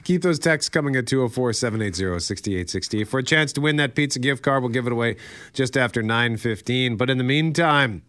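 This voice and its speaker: A man's voice: medium pitch, a little fast, a bit bright, clear, resonant tone. A man hosting morning radio, chatty and self-deprecating, laughing easily. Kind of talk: casual radio banter and ad reads. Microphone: studio microphone. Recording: dry close studio sound.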